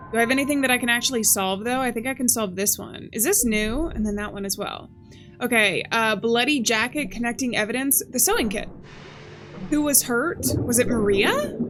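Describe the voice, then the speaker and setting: A woman hosting a let's play, chatting casually and thinking aloud as she plays, with excitable gasps. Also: fairly high pitch. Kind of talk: casual gameplay commentary. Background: game music.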